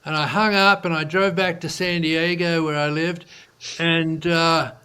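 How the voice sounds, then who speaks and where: A fairly high-pitched man with a clean tone speaks at a measured pace while telling his business story in an interview. The entrepreneur guest talks loosely, with plenty of fillers, and vividly acts out the lines he quotes.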